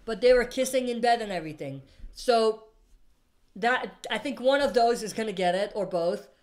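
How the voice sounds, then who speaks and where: Speaking at a moderate pace, a woman with a fairly high, darkish voice and lively intonation runs a casual live stream. She reads viewers' comments aloud and answers them loosely and at length, pausing often to fix what she just said.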